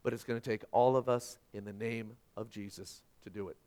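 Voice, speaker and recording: A middle-aged man preaching a sermon as pastor, emphatic and repetitive, moving between loud and quiet. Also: on the low side, fairly even intonation, fairly quick.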